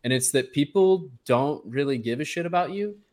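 A man's voice: on the high side, expressive, normal speed, darkish tone. A man in casual chat, speaking candidly and a bit rambling about personal lessons. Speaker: podcast co-host.

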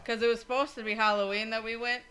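Bright, blunt woman co-hosting a podcast. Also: on the high side, little pitch movement, fast talker, low-quality recording. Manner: blunt, swears freely. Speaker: podcast co-host. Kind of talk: casual banter.

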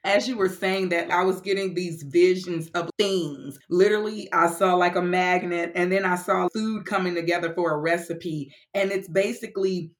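A woman's voice: fairly low pitch, steady tone, normal speed, few pauses. A woman podcast guest speaking earnestly and motivationally in casual conversation, with talk of faith.

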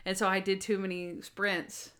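A young woman in casual podcast chat, animatedly retelling TV scenes and acting out quotes. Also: normal speed. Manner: animated, acts out quotes with big pitch jumps. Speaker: podcast co-host. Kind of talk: casual chat recapping a TV show.

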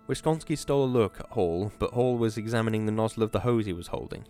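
Audiobook narrator, man, low voice, steady and measured, faint music under. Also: clear, resonant tone.

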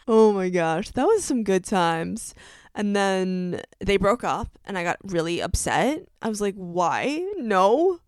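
A woman's voice: medium pitch, clear, resonant tone, dry recording. A woman in her twenties chatting casually to camera as a vlogger, gushing and chatty, with lots of "like".

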